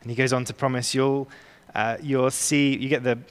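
Man, pastor, sermon, earnest, emphatic, stretches key words, medium pitch, long reverb in a big hall. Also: level tone, moderate pace, clean tone.

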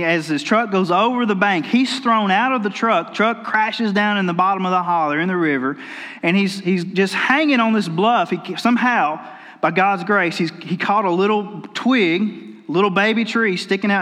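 The long reverb of a church hall surrounds a pastor preaching in the sanctuary at a normal speed. His voice is high for a man and fairly bright, and his folksy storytelling often loops back so he can restart his sentences.

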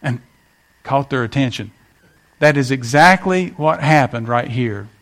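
A man's voice: medium pitch, unhurried. A man preaching a sermon, telling folksy stories and acting out quotes. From West Virginia. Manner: folksy storytelling, animated acted quotes. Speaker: pastor.

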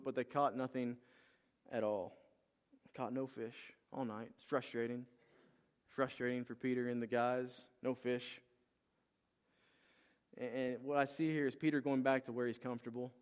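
A man delivers a sermon in a storytelling way. He acts out the characters' words with bursts of energy and a mid-pitched voice. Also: smooth. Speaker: pastor.

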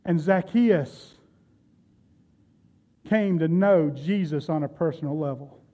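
A man's voice: on the high side, slow, muffled recording. A man preaching a sermon, retelling Bible stories and speaking directly to his congregation. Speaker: pastor.

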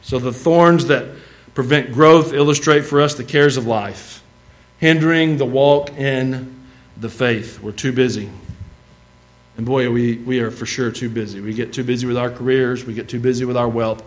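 A man's voice: mid-range voice, steady tone, moderate pace, poor audio. A man preaching a sermon in a church, reading scripture aloud and mixing in casual, humorous asides. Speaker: pastor. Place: church sanctuary.

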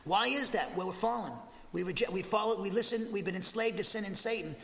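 A man's voice: sits high, fast talker, vocal fry, a bit bright. Emphatic Southern man teaching in echoey church. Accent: Southern American. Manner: emphatic, repeats and restarts phrases. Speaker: Bible teacher. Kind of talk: expository Bible lesson. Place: church sanctuary. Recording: echoey hall with long reverb.

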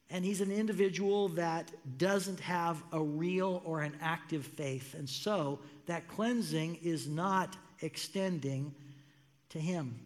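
High-voiced pastor preaching in a reverberant hall. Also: male voice. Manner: animated, acts out quoted voices with rising pitch. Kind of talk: sermon. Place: church sanctuary.

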